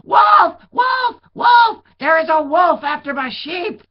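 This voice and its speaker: Storybook shepherd boy, bored and whiny, high and slow, read by a man; muffled recording. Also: big pitch swings, exaggerated voice. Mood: shouting alarm. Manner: drawn-out, exaggerated complaining. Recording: dull lo-fi recording.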